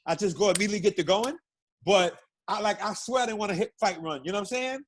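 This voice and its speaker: A middle-aged man from Brooklyn, a guest telling stories in a casual interview, animated and profane, acting out what people said. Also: sits high, quick pace, slight background noise. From Brooklyn, New York. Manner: animated, profane storyteller who acts out quotes.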